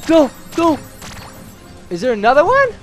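Man, thirties, let's-play commentary, animated, sudden shouts, game music behind. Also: extremely high pitch, normal speed. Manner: animated, yelps and shouts at setbacks. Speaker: gameplay video host, dad.

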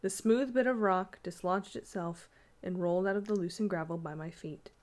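A woman reading a classic ghost story aloud in a measured, expressive way. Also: fairly low pitch.

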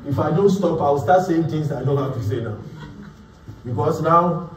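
A high-voiced male pastor preaches with emphatic, repeated phrases. His voice carries from a distance through an echoey church hall, and he acts out the quoted people he mentions. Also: normal speed, slight background noise. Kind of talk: sermon. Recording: echoey room, voice from far off.

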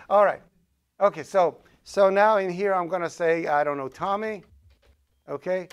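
A man with a high-sitting, clean voice lectures a programming class while coding live, speaking at a moderate pace with long pauses. He has a Persian accent and thinks aloud, using fillers and correcting himself as he goes.

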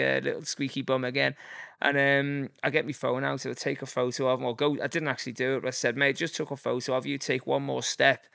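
Telling stories casually as a guest, a Liverpool man in his forties rambles with many fillers and performs the voices of the people involved, in a strong Scouse accent. His medium-pitched voice is gravelly, pushed and bright, in a dry, studio-quality recording.

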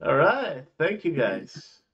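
A man's voice: fairly high pitch, wildly swooping pitch, slow, lo-fi sound, slight background noise. A man playing a tabletop game, talking in a laid-back, giggly way. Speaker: player. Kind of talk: casual tabletop play.

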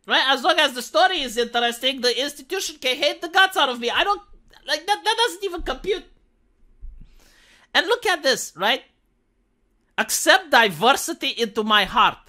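Bright-voiced sarcastic male commentator. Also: very high-pitched. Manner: sarcastic, ranting, heavy use of "like". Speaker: commentary channel host. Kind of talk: opinionated commentary.

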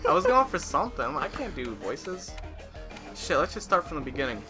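A man's voice: a little high, sing-song, fairly quick, over music. A man playing a co-op game with a friend, talking in a casual, flustered way and swearing a lot. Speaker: co-op game player. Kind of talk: casual gaming chat.

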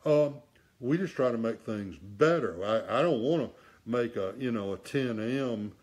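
A middle-aged man walking through saxophone repair in a relaxed hands-on lesson. He talks bluntly and emphatically and tosses in rhetorical jabs. His voice sits at a middle pitch for a man. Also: a little slow. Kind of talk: casual demonstration lesson.

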